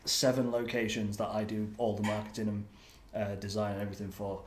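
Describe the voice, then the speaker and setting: A young man from England talks as a podcast guest in a low voice, loose and joking. His voice rings a little in an echoey room, with faint ambience behind. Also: little pitch movement, brisk, a little hiss or hum. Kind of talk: casual chat.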